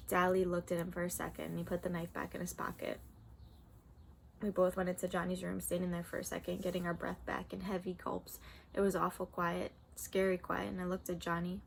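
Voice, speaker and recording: A woman's voice: lowish voice, flat delivery, fairly quick, creaky, a little hiss or hum. A woman teacher reading a novel aloud to her class, with plain conversational asides.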